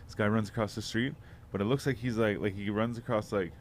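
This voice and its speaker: A man's voice: on the low side, steady tone, fairly quick, a little hiss or hum. A man co-hosting a podcast, telling a long story in a rambling way, full of fillers and swearing. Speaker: podcast co-host. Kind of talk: casual storytelling chat.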